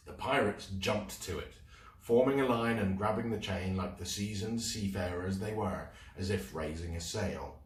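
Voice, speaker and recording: A man reading a children's book aloud in an expressive storytelling voice. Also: low voice. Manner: expressive, slow read-aloud. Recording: roomy room, mic at a distance.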